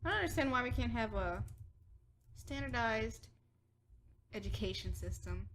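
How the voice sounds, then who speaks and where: A woman guest in a casual podcast chat who is skeptical and quick to challenge what the host says. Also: a little high, expressive, fairly bright tone, slight background noise.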